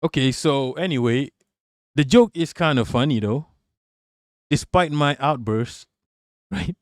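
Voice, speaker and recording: A man's voice: medium pitch, animated, a little slow, dry recording, clean studio sound. A man hosting a live political stream, reading chat and ranting with a lot of swearing. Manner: profane, ranting, talks back to chat.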